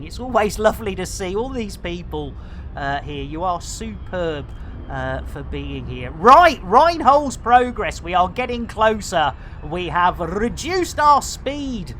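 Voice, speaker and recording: A woman in her fifties streaming a video game live, bantering exuberantly with viewers and bursting into shouts. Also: fairly low pitch, slight background noise. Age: 50s.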